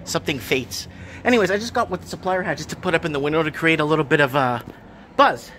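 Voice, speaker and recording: A man's voice: fairly high pitch, very fast, fairly bright tone, slight background noise. Exasperated man ranting in his shop. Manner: rambling, exasperated, repeats himself. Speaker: vlogger and shop owner. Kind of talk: casual vlog rant. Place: shop under renovation.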